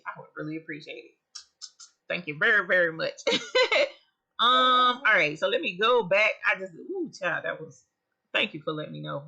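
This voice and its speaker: A woman's voice: fairly low pitch, vocal fry, bright, forceful tone, husky. A woman hosting a casual livestream, chatting expressively and greeting viewers by name. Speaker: livestream host of an embroidery channel. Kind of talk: casual live chat with viewers.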